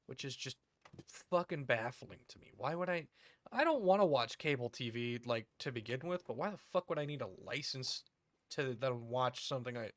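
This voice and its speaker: A man's voice: mid-range voice, animated, normal speed, fairly bright tone, dry recording. A man streaming a game, chatting casually with crude jokes and rambling asides. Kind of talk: casual gameplay commentary.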